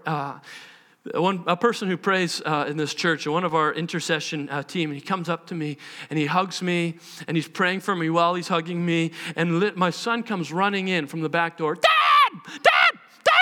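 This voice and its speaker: High, bright-voiced pastor. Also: male voice. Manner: earnest and impassioned, acts out voices and prayers. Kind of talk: live sermon. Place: church service.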